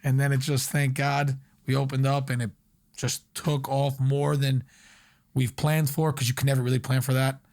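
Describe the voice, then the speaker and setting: Young man telling stories fast and loose. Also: mid-range voice. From Long Island, New York. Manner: energetic storyteller, many fillers like "like". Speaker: restaurant owner guest. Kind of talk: casual podcast interview.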